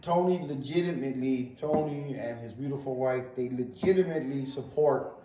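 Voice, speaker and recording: A man's voice: mid-range voice, normal speed, dark tone. A man, a comedian guest, talking earnestly and supportively in casual conversation. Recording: echoey room, distant mic, faint noise.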